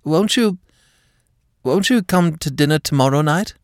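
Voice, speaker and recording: A man voicing a nervous young newlywed woman who speaks in a high, hesitant, breathless way in a read-aloud story. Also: animated, a little slow, no room sound, studio quality. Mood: flustered.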